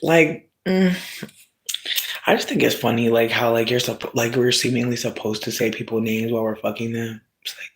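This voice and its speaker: A streamer casually telling a story to viewers, profane and animated, breaking into loud shouts and asides to the audience. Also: medium pitch, moderate pace.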